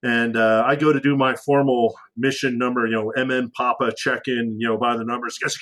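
A man's voice: medium pitch, level tone, fairly quick, hardly any pauses, a bit bright, rough recording. A man, a former military pilot, telling a story in casual conversation, acting out radio calls in a raised voice. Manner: frequent fillers and restarts, conversational. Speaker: former fighter pilot guest.

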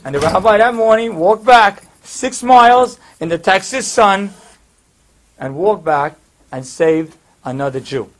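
Male preacher, high voice, conversational sermon storyteller. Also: expressive, measured pace. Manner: conversational, with fillers and asides.

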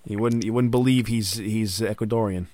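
A man's voice: lowish voice, steady tone, moderate pace, warm tone. A man hosting a casual podcast chat, recounting wrestling history partly from notes. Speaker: podcast host.

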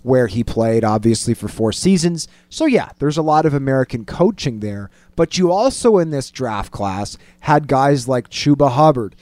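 A man co-hosting a casual sports talk show, opinionated and animated, mimicking quotes in a higher voice. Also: moderate pace, hardly any pauses, no echo. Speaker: sports podcast co-host.

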